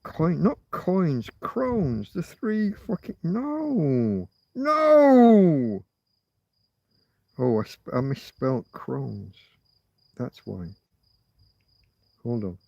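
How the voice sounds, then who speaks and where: A man's voice: fairly high pitch, wildly swooping pitch, very slow, vocal fry, long pauses, darkish tone, dry recording, muffled recording. A man hosting a livestream, thinking aloud in rambling casual chat, often muttering and swearing to himself. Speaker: livestream host.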